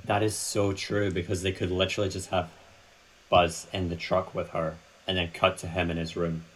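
A woman co-hosting a film podcast with a very low, husky voice. She is blunt and swears casually in easy chat. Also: level tone, normal speed, low-quality recording. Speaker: podcast co-host.

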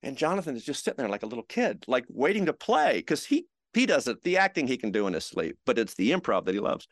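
An older American man, a veteran TV host, telling showbiz anecdotes in a relaxed interview and acting out the quotes. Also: mid-range voice, fast, no room sound, studio quality. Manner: animated anecdotes, acts out quotes. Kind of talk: storytelling chat.

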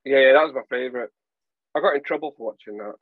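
A man from England chatting casually on a podcast, animated and telling stories while acting out voices. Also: medium pitch, quick pace, no echo, narrow, tinny audio. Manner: animated storyteller, acts out voices. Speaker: podcast guest. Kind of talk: casual chat.

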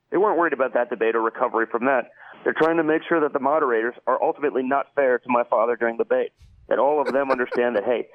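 A man giving a heated radio interview, filling his talk with "you know". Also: a little high. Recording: tinny phone-line radio audio.

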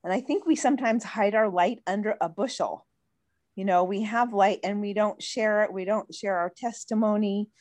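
A woman's voice: medium pitch, moderate pace, a little mellow, dry recording. A woman in a study group adding her thoughts to the discussion over a video call. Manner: conversational, building on others' points. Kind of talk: casual discussion.

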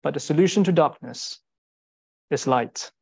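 A man giving a sermon in an earnest, rhetorical way, repeating short phrases and pausing for weight. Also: fairly high pitch, gravelly, darkish tone, slightly rough, lo-fi sound. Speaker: speaker giving a Bible talk.

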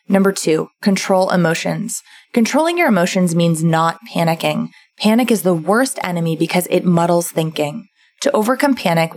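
Woman walking through a book's ideas. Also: fairly low pitch. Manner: explains in lists, acts out quoted voices. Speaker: podcast co-host summarizing a book. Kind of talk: casual chat.

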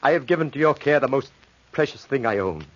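A man's voice: medium pitch, expressive, fairly quick, close to an everyday voice. An actor playing a desperate, devoted husband who pleads earnestly for his dying wife in a 1940s radio play, on a dull old broadcast recording. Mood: pleading.

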